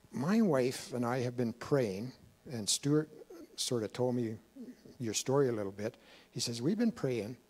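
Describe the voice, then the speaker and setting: Emotional man telling his story. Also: mid-range voice. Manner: rambling storyteller, emotional, many fillers and restarts. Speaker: guest speaker. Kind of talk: personal testimony in church.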